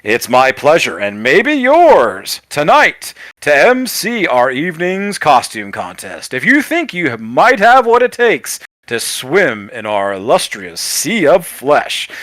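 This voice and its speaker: A brash, bulky male showman announcer hams up his proclamations in a tabletop role-play, as a man puts him on. The voice rides well above its usual pitch and booms louder, stretching words slowly for effect. The sound is dry and close. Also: dry recording, heavily acted. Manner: theatrical, drawn-out proclamations.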